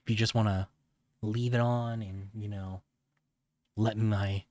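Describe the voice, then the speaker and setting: A man streaming a video game, talking in a laid-back, halting way with many fillers. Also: fairly low pitch, steady tone, a little mellow, no echo. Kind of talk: casual gameplay commentary.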